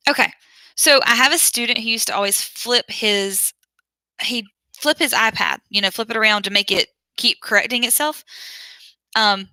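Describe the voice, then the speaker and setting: This online teacher's voice is a little high, bright and forceful, at a moderate pace. The recording is rough but echo-free as she chats casually with viewers, frequently laughing or drifting off mid-thought while searching her screen.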